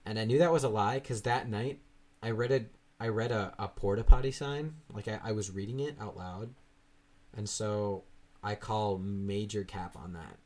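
A man's voice: on the low side, a little mellow. A young man in casual chat, telling rambling stories full of fillers and swearing. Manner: rambling storytelling, swears a lot, frequent fillers.

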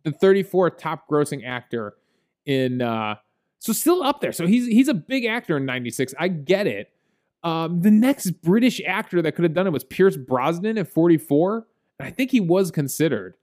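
A man's voice: fairly high pitch, very animated, moderate pace, a little mellow. A man co-hosting a podcast, chatting casually about a movie with lots of fillers and laughs. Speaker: podcast co-host. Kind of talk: casual movie review chat.

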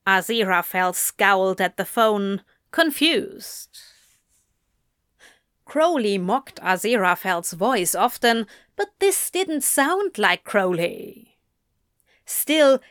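A woman reading a story aloud in an expressive, measured way. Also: medium pitch, no room sound, studio quality. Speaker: reader.

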